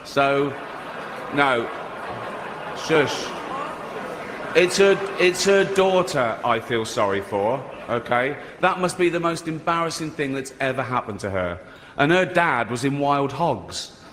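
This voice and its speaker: A man doing stand-up comedy on stage and hosting an awards show, with a dry, mocking, deadpan delivery. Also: mid-range voice, takes it slowly. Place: large theatre on stage. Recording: live hall reverb, faint audience noise.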